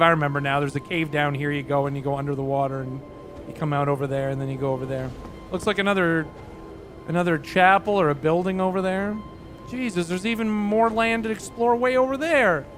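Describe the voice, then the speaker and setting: A man streaming a video game, chatting through his play and bursting into panicked yelps and shouts. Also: high-pitched. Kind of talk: live gameplay commentary.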